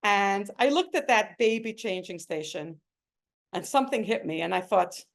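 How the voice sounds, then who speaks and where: Speaking at normal speed with a medium-pitched, animated, somewhat creaky voice, a middle-aged woman gives a personal testimony from home. She recounts her own story earnestly and with real emotion.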